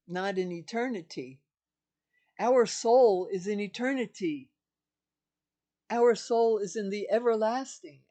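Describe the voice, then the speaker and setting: A woman's voice: mid-range voice, dark tone. An older woman, a spiritual teacher, giving an emphatic, repetitive teaching monologue.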